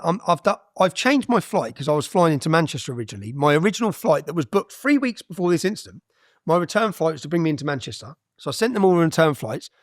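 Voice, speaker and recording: Blunt guy on a podcast, lively and a bit high, keeps tagging "yeah?" on everything. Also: fast, dry recording, clean studio sound. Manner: animated storyteller, tags sentences with "yeah?"; blunt, swears freely. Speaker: interview guest. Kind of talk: podcast interview storytelling.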